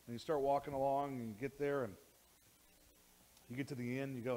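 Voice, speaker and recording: Animated male pastor preaching. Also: mid-range voice, fast, creaky, low-quality recording. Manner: animated, rising to near shouting when worked up; repeats words and restarts often. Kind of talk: sermon. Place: church.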